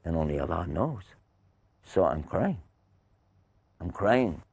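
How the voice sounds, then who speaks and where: A man speaking as a tender-hearted young boy who weeps, in a soft, earnest storytelling voice. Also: low-pitched, animated, slow pace, breathy edge, full character voice. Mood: tearful, earnest.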